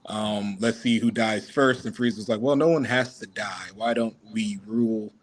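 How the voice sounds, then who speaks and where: A man co-hosting a casual podcast, telling a long imagined story with quick voiced asides for the characters. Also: fairly low pitch. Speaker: podcast co-host.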